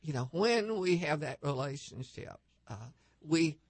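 A woman guest on a faith-based talk show, telling anecdotes with lively upward leaps in pitch and many restarts. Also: a little slow, dry recording. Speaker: guest panelist.

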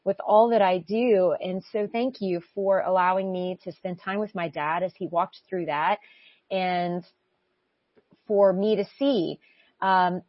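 A woman's voice: fairly low pitch, no echo. Reflective woman, muffled dry audio. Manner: thoughtful, searching, with frequent ums and restarts. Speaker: podcast co-host. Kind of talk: reflective faith chat.

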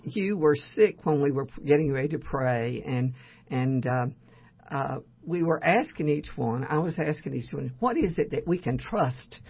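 Co-host woman, husky and expressive, retells stories with big pitch swings, dull audio. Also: unhurried. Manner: animated retelling, acts out quotes. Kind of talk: casual chat.

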